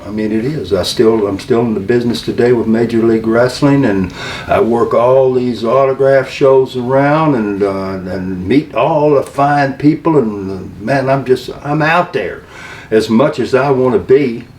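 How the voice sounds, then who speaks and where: A man's voice: mid-range voice, unhurried, a little mellow. Older man telling folksy stories from far off. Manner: rambling, folksy, with many restarts. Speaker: interview guest. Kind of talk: storytelling interview. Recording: distant, echoey room with faint hum.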